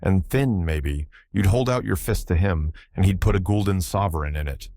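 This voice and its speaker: Man voicing old Irish seaman, superstitious and innocent; deep, lilting yarn-teller for an audiobook. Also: normal speed, vocal fry, no room sound, clean studio sound. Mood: storytelling. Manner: yarn-spinning, lilting, animated.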